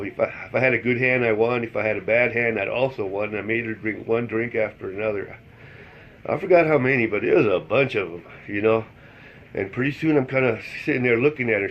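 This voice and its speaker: A man's voice: on the low side, lo-fi sound, slight background noise. A man telling a funny personal story in a casual, rambling way, often laughing as he goes.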